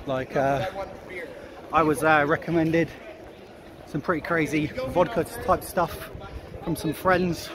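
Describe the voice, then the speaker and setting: A man's voice: a little high, steady tone, slow, long pauses. A man chatting and joking casually as he films himself walking a city at night, swearing now and then. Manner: chatty, jokey, laughs often, swears casually. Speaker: travel vlogger. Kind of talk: casual walk-and-talk vlog. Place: busy city street at night, outdoors. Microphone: handheld camera he films with. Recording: busy crowd and street noise.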